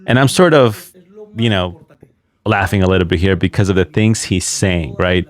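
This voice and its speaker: Lower-voiced sarcastic male commentator. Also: normal speed. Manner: sarcastic, mocking. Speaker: online commentator. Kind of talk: commentary translating and reacting to video clips.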